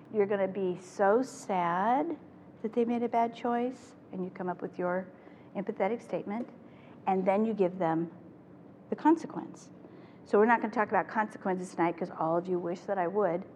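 An older woman presenting a parenting workshop to a live audience, talking in an animated way and acting out the phrases she quotes. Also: medium pitch, normal speed. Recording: echoey hall with faint noise.

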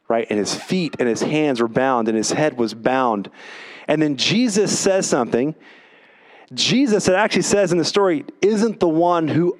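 A man preaching a sermon, telling a personal story with animated energy, then reading scripture slowly and quietly for emphasis. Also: medium pitch. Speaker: pastor.

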